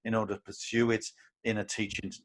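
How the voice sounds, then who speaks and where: A man co-hosting a casual podcast chat about martial arts, forthright and quick to laugh, speaking his mind. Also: on the low side, flat delivery, a bit bright.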